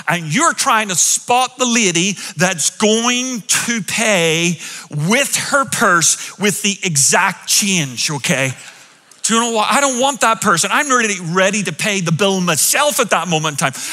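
A man from Europe, a pastor preaching a sermon in a big church, animated and quizzing his congregation with questions. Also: sits high, long reverb tail. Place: large church hall with an audience.

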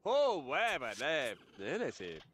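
Babbling game character. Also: female voice, sits low, wildly swooping pitch, a little slow, crowd noise, heavily acted. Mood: chattering. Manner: babbling nonsense syllables. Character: chattering adult game character speaking gibberish.

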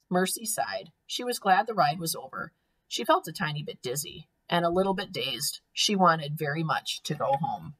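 A woman, a teacher, reading a children's storybook aloud with clear, expressive storytelling. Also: low voice, moderate pace, rough recording.

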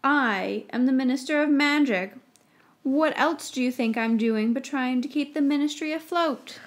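A jittery, scheming wizard minister, read aloud by a woman speaks fast, his voice shaking as he tries to sound in control. He sits a touch higher than the narration around him and comes across as a cornered blusterer in a dramatic storybook reading. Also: close to an everyday voice. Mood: nervous bluster. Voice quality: trembling voice. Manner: speaks quickly, hiding nerves. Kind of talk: dramatic audiobook-style reading.

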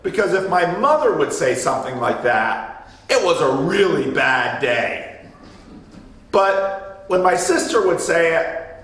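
Guy leading a church bible study, kinda high voice, chatty, heard from across an echoey room. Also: very animated, slow, pauses often, fairly bright tone, slight background noise. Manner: explanatory, storytelling, restarts phrases. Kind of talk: conversational Bible teaching. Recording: echoey room, mic from a distance.

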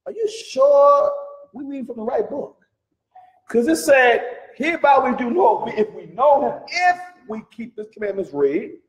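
A man's voice: very high voice, animated, moderate pace, echoey room, rough recording. A man leading a Bible study, speaking emphatically and firing off rhetorical questions. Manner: calls the reader brother. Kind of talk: animated religious teaching.

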